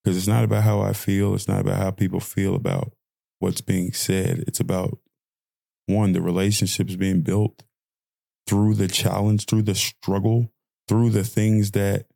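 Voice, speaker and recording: Gravelly low-voiced man ranting passionately. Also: little pitch movement, a little slow, mellow, no room sound, studio quality. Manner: impassioned ranting, repetitive phrasing. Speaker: podcast host. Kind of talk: audio diary monologue.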